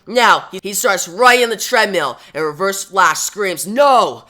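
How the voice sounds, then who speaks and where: Bright-voiced man recapping a comic. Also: high-pitched, animated, measured pace. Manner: retells scenes plainly with frequent "now". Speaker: comic book reviewer. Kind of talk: casual recap narration.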